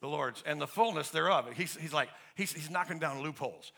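A man's voice: fairly high pitch, brisk, creaky, sharp tone. A man pastor preaching a sermon in an emphatic, conversational way, asking the congregation to finish his questions. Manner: emphatic and conversational, with frequent restarts.

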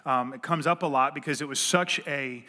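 A man's voice: medium pitch, normal speed, bright, forceful tone. A man in his thirties, a pastor telling a personal story to his congregation in a joking, self-deprecating, conversational way. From United States, partly raised in Australia. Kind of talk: sermon with humorous personal storytelling. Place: church, in front of a congregation.

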